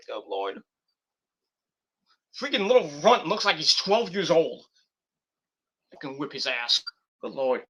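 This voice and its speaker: Guy ranting about wrestling, kinda high voice, swears a lot, rambly. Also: big pitch swings, slow pace, long pauses, a bit bright, slightly rough. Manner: rambling, profane and exasperated. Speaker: wrestling show reviewer. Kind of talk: casual rant review.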